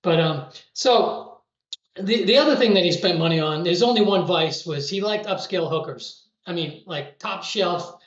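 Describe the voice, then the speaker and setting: A middle-aged man spins a casual story in a high, chatty voice, breaking off into small laughs and restarts. The sound is roomy and slightly dull, as if taped in an echoey space. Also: normal speed. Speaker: storyteller recounting trading days. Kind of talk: casual spoken anecdote. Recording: roomy, muffled recording.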